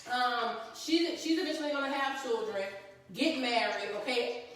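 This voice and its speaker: High-voiced woman in an echoey room. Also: normal speed, distant mic, slight background noise. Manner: animated, laughs often, acts out friends' voices. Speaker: co-host of live talk stream. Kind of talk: casual chat to a live audience.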